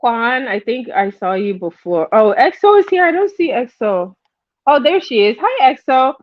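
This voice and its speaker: A woman's voice: a little high, big pitch swings, normal speed, dry recording, highs cut off. A woman hosting a casual livestream gossip chat. She laughs often and greets viewers by name. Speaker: livestream host.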